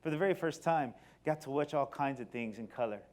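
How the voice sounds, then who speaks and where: A middle-aged man giving a personal storytelling talk on stage, animated, moving between loud excited bursts and quiet low passages. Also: a little fast. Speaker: company speaker. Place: stage before an audience.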